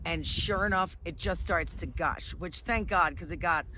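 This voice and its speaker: A woman ski instructor telling a story outdoors on a ski slope, animated and laughing often. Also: fairly low pitch, moderate pace, noisy background. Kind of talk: casual storytelling.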